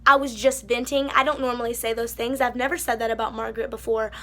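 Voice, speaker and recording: Sassy high-voiced young woman vlogger. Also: fast. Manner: sassy, animated retelling with mocking quoted voices. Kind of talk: casual storytime vlog. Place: indoors by a wall. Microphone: phone.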